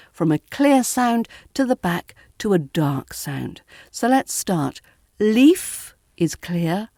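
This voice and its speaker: Slow, deliberate British accent coach woman. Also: on the low side, warm tone, dry recording, clean studio sound. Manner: slow, deliberate, modelling words clearly. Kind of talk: scripted pronunciation lesson.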